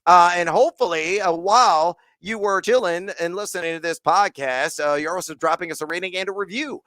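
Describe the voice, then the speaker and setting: A man's voice: high voice, fairly quick, no echo. A man co-hosting a sports betting podcast, rattling off picks and stats with lots of fillers. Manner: energetic, stat-heavy, many "uh" fillers. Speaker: podcast co-host.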